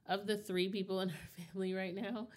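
A woman co-hosting a casual podcast chat speaks candidly and reflectively, often checking in by asking "you know what I mean." Her medium-pitched voice is flat, fairly quick, and a little mellow.

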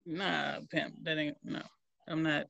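Woman podcast co-host, lower voice, blunt slangy quips, dry sound. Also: little pitch movement, slow, vocal fry, a bit bright, no echo, lo-fi sound. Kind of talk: casual chat.

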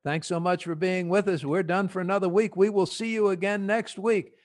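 A man with a New Jersey accent hosting a podcast panel, animated and joking as he prods his guests with quick questions. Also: high voice. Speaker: podcast host. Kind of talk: casual panel discussion.

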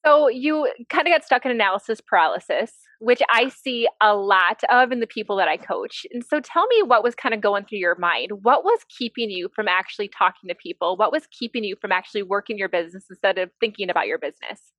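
A woman's voice: mid-range voice, lively intonation, brisk, hardly any pauses, fairly bright tone, no room sound. A woman hosting a podcast and working as a coach, asking her guest questions in an encouraging way and often answering with brief words of agreement. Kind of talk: interview questions.

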